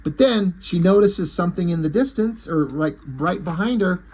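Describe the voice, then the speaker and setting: A man with a slightly husky voice casually recaps a comic, excited and swearing freely. His pitch sits a little high for a man. He switches between narration and reading out the characters' lines. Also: moderate pace. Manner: casual, profane, enthusiastic. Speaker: comic book reviewer.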